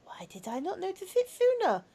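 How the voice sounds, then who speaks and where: A tender robot girl, read aloud by a woman in a visual novel, soft and earnest with a sad, wistful edge. The voice sits high and moves freely up and down. Her lines come gently, as if holding back tears. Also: huge pitch swings, fairly quick, heavily acted. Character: young female robot girl, gentle and sorrowful.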